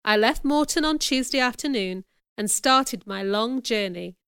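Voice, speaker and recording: A woman reading a first-person story aloud in a measured, expressive narration. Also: fairly high pitch, clear, resonant tone, no room sound, clean studio sound.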